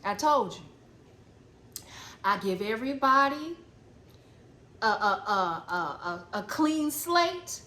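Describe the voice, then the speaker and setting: A woman's voice: fairly high pitch, animated, slow pace, long pauses, bright, forceful tone. A woman giving a blunt, emphatic spiritual pep talk, repeating phrases and cursing casually. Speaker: spiritual coach. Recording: echoey room with faint ambient noise.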